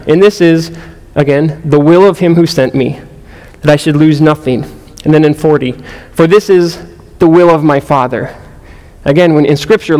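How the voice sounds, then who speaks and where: A man teaching a sermon in an earnest, verse-by-verse way, his voice sitting a little high for a man. He stumbles and repeats words as he goes and puts questions to the listeners. The sound rings out with a long reverb, as in a large hall. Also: a little mellow. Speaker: pastor or Bible study teacher.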